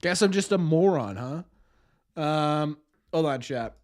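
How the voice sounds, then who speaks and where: Young male streamer host, excitable and self-deprecating, lively pitch swings. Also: slow. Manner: excitable, self-mocking banter with chat. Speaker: livestream host. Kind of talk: casual live watch-party chat.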